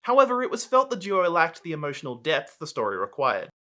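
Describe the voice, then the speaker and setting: A man hosting a video, reading a scripted film essay in a clear, measured way. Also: a little high, wildly swooping pitch, pushed and bright. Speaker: video host.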